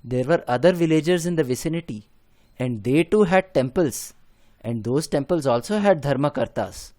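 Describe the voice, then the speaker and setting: A man narrating a folk story in a measured, soft-spoken way. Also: fairly high pitch, animated, no echo.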